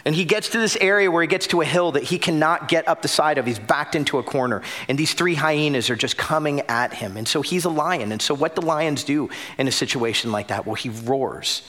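Bright-voiced animated male pastor. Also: on the high side, brisk, few pauses. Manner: animated storytelling, swings from loud bursts to hushed drops. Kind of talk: sermon.

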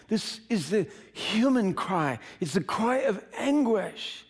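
A male pastor delivering a sermon with a somewhat high voice that leaps up and down expressively. His preaching is dramatic and emphatic, swinging from forceful declarations to hushed asides. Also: sing-song, unhurried, creaky, few pauses, husky.

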